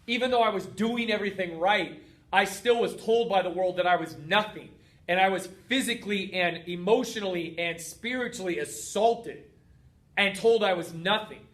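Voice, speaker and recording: A man's voice: high voice, a bit bright. A man hosting a heartfelt motivational talk as a fitness coach, earnest and emphatic, stacking up repeated phrases.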